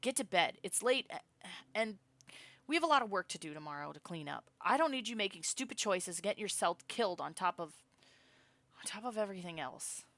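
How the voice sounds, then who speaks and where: A woman voices a stern mother from a story game, worried and quick to snap. The tone is bright and the room dry. It is read aloud with light acting. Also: medium pitch, expressive, no echo. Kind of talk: reading game dialogue aloud.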